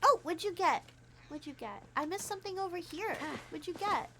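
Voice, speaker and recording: Female streamer, high and bright, bubbly and giggly, light hiss under the voice. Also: animated, a little fast. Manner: bubbly, giggly, talks to chat. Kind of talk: casual gameplay livestream chat.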